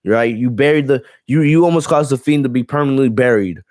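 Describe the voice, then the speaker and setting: A man's voice: medium pitch, a little fast, darkish tone, no echo, studio quality. A man hosting a casual live stream on wrestling, blunt and profane, ranting and reading viewer comments aloud. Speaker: wrestling show host.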